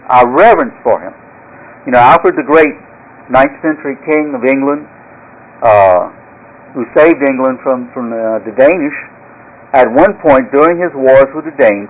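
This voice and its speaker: Male pastor, mid-pitched, earnest storyteller in the pulpit, slightly muffled recording. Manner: storytelling preacher, earnest, with occasional halting fillers. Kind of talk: sermon.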